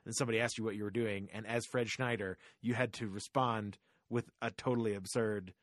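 A man's voice: on the low side, fairly even intonation, a little fast, dry recording, clean studio sound. An American man co-hosting a podcast in casual chat, rambling, stumbling over his words and laughing often. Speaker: podcast co-host.

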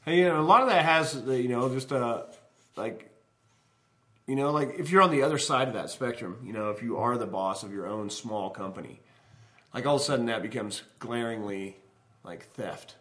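A man's voice: mid-range voice, normal speed, a bit bright. A man in casual podcast chat, swearing freely and filling with "you know.". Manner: chatty, swears casually, leans on fillers. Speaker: podcast co-host.

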